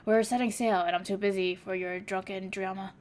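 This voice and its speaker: A woman reading the part of a gruff, red-haired male viking sailor who mocks others and calls them kid. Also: medium pitch, steady tone, fairly quick, a little mellow, a little hiss or hum, close to an everyday voice. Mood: teasing.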